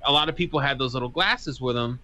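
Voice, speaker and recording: Bright-voiced man with a Boston accent. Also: mid-range voice, fast talker, highs cut off, slight background noise. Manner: profane, joking, sounds slightly angry. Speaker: podcast co-host. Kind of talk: casual banter.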